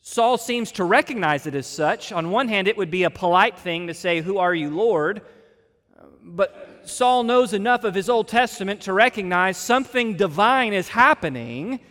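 A man's voice: high-pitched, lively intonation, moderate pace, hardly any pauses, fairly bright tone. A male pastor preaching an expository sermon, emphatic and stretching key words for weight. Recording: long reverb of a large hall.

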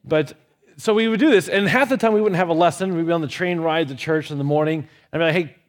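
Man, slightly high voice, relaxed Bible study teacher who is anecdotal and lightly humorous. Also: fast talker.

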